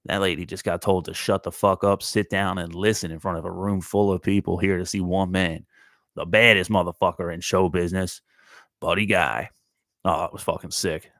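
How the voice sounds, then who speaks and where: A man's voice: low voice, flat delivery, normal speed, a bit bright, no echo, clean studio sound. A man hosting his own podcast, telling a story in a laid-back, rambling way, with frequent profanity. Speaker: podcast host. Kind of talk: casual storytelling monologue.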